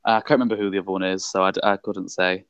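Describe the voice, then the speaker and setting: A man's voice: sits low, level tone, very fast, a bit bright, clean tone, no room sound, muffled recording. Articulate young man with a posh English accent. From Leeds, England. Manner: articulate, self-deprecating, laughs often. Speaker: councillor guest. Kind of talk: casual interview chat.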